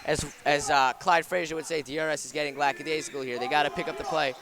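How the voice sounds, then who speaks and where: Fast teen play-by-play announcer. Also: male voice, fairly high pitch, fairly even intonation. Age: late teens. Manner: rapid play calls. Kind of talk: play-by-play sports commentary. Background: crowd and bouncing ball.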